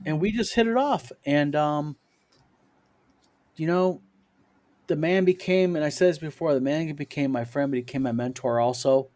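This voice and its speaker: A man's voice: on the high side, moderate pace, pauses often, darkish tone. A man co-hosting a casual panel chat, reading viewer mail and telling stories in a rambling way with many fillers and chuckles.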